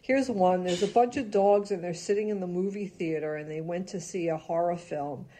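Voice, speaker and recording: A woman co-hosting a radio show in a studio, chatting casually and reading jokes in an animated, laughing way. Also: fairly low pitch, normal speed.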